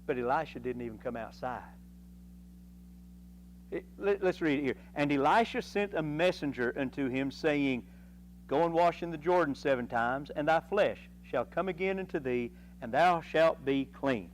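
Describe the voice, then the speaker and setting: A man leads a Sunday school class in a church, reading scripture and then riffing on it in a folksy, animated way. His voice sits a little high for a man. A faint hum runs underneath the recording. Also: moderate pace, low-quality recording. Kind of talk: Bible lesson.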